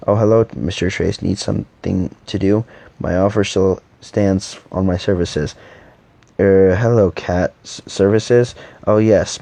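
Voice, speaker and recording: A man reading a fantasy story aloud and voicing all the characters himself, in a halting delivery with frequent stumbles and restarts. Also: deep voice, gravelly, mellow, dry recording. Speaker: narrator voicing every character.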